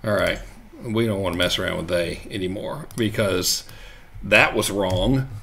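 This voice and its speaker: A man's voice: sits low, a little slow, vocal fry, fairly bright tone. A man coaching viewers on marketing in a casual live stream, loose and jokey, with lots of fillers and check-ins.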